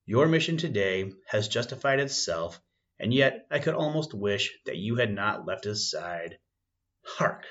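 A man's voice: lowish voice, animated, measured pace, fairly bright tone. A man voicing an urgent, commanding male detective, grave and intense, on a dull lo-fi recording.

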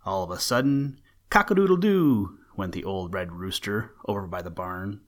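A man with a fairly low voice reads an old-fashioned children's story aloud. His delivery is gentle and storytelling in manner, at times slow and drawn out. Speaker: narrator.

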